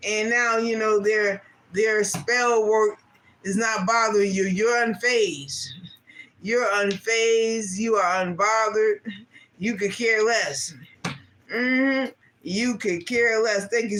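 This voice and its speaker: A woman's voice: mid-range voice, a bit bright, a little hiss or hum. A woman reading tarot cards for viewers in a slangy, casual way, repeating "yes, yes" and asking Spirit questions aloud. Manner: laughs between card readings. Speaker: tarot reader.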